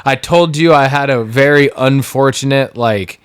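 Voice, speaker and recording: Podcast co-host, man, mid pitch, smooth clear tone, dry close mic, easygoing chat. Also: normal speed, no room sound. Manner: relaxed, chatty, laughs often, filler words. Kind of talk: casual wrestling chat.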